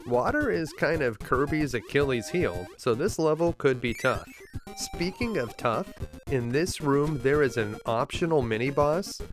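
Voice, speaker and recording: A man host narrating a scripted video game walkthrough in an upbeat, lightly joking way, over clear game music. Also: medium pitch, lively intonation, a little slow.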